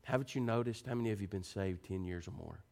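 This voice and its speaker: A man preaching a sermon. He moves between quiet, earnest pleading and animated storytelling. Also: quick pace, vocal fry. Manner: animated, rising to high excited pitch when telling stories.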